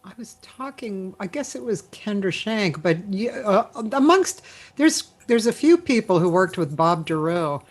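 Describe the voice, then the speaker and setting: A woman hosting a live video chat, asking relaxed, halting questions with fillers. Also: medium pitch. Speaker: host. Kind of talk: casual chat, interviewing. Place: home, live video stream. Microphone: video call.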